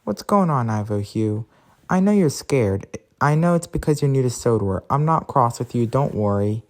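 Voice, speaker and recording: A man playing a kind male railway boss who speaks gently and reassuringly. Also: medium pitch, animated, moderate pace, lightly acted.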